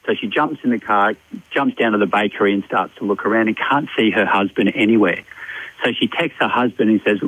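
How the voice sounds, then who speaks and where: A man's voice: fairly low pitch, quick pace, a bit bright, husky, dry recording. An Australian man who manages a liquor store, chatting casually on the radio and telling a joke, easygoing and calling everyone mate. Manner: matey, easygoing, says mate a lot. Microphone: phone. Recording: dry tinny phone line.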